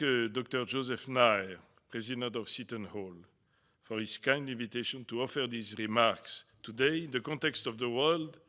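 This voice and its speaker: Older french guy giving a formal talk, bright clear-toned voice, careful and a bit halting. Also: mid-range voice. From France. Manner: careful, slightly halting delivery with small self-deprecating asides. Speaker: diplomat giving a lecture. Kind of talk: formal prepared address.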